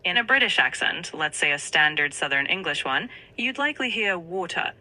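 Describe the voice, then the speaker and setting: A woman's voice: fairly low pitch, very animated, fairly quick, pushed and bright, rough recording. A synthetic woman's voice of an AI assistant, answering in upbeat, polished phrases.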